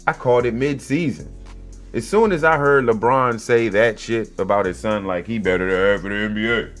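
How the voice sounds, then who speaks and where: Blunt, profane man with a low voice. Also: fairly quick, faint music behind. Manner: blunt, profane, animated storytelling. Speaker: podcast host and youth basketball coach. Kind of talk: casual podcast monologue.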